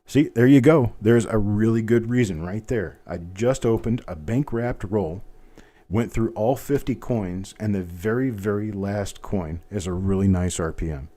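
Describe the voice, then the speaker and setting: Folksy Midwestern man with a mellow low voice. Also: a little slow. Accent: general Midwestern American. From American Midwest. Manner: chatty, rambling asides, folksy. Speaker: coin hobby livestream host. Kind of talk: live unboxing commentary.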